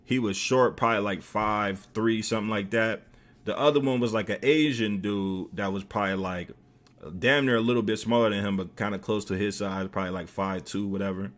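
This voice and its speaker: A man's voice: lowish voice, brisk. A man streaming, telling a story in a casual, profane way with lots of fillers. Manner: animated, profane, many fillers.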